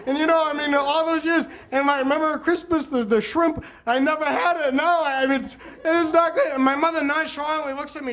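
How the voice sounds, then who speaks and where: Man, 30s, storyteller; very high voice, lively delivery, slightly muffled sound. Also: a little fast. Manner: animated, acts out quoted voices. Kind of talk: storytelling monologue.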